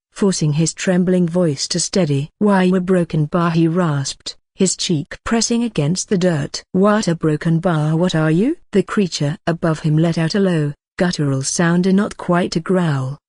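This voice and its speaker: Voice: mid-range voice, darkish tone, no echo. Dry, close audiobook narrator with small slips. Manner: reads with occasional fillers and slips.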